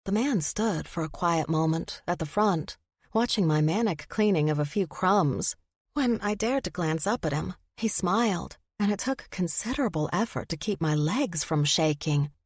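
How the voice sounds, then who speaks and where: A woman narrating a first-person audiobook, expressive in the character's flustered lines. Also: lowish voice, moderate pace, slightly rough, no echo, studio quality.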